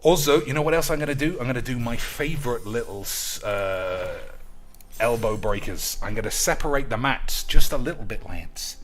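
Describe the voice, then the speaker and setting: A young man ranting as a podcast host, loud and swaggering, with sudden shouts and crude jokes. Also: medium pitch, lively intonation, normal speed, slight background noise. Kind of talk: crude comedic banter.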